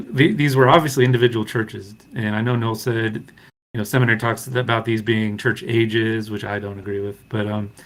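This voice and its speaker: A man with a low voice that is wearing out joins a group chat. He asks his questions hesitantly and casually. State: losing his voice.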